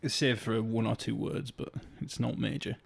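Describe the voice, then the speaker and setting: A man's voice: mid-range voice, steady tone, moderate pace, gravelly, husky. A young man with a Yorkshire accent, co-hosting a podcast and telling stories in a laid-back, jokey way. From Yorkshire, England. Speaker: podcast co-host. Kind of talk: casual chat.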